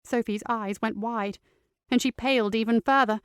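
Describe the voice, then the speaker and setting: A woman reading a novel aloud in steady, scripted narration. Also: mid-range voice, normal speed, clean tone, no echo, clean studio sound. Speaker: audiobook narrator.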